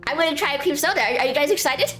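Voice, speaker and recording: A young woman streamer rambling playfully while she plays, goofy and quick to break into silly bits. Her voice sits fairly high, and soft game music runs faintly behind her. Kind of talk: casual game commentary.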